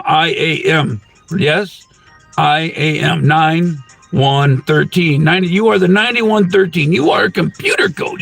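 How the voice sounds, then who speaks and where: Male vlog host, deeply gravelly and creaky, pitch swinging widely; rambling mystical talk with rhyming wordplay and loud outbursts, faint music behind. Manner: free-associating wordplay and rhymes, sudden loud bursts. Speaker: channel host. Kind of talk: rambling spiritual monologue to camera.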